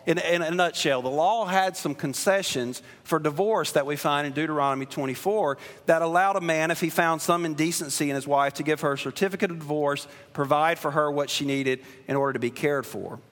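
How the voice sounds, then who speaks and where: A man's voice: on the high side, moderate pace, a bit bright. A man, a pastor, preaching a sermon in an earnest, emphatic way, often restarting his phrases. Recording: long reverb of a large hall.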